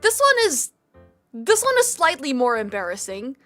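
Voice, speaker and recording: A woman's voice: high-pitched, huge pitch swings, normal speed, fairly bright tone, faint music behind. A young woman streaming, chatting casually in a playful, rambling, self-mocking way. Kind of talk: casual live-stream chat.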